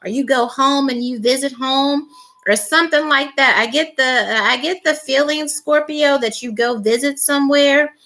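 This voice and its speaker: A woman's voice: sits high, moderate pace, fairly bright tone. A woman doing a casual tarot reading, rambling with many fillers and restarts, blunt and teasing. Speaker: tarot reader.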